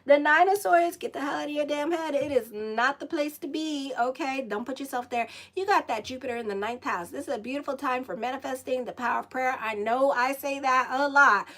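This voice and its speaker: A woman reading tarot cards in a relaxed, chatty way, often breaking off to talk to viewers and to her pets. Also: sits high, a little fast, few pauses. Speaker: astrologer and tarot reader. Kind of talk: casual live tarot reading.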